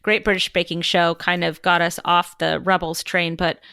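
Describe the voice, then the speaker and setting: A woman's voice: lowish voice, level tone, moderate pace, creaky, pushed and bright, clear, resonant tone, no room sound, studio quality. A woman co-hosting a podcast in casual chat, enthusiastic and playful.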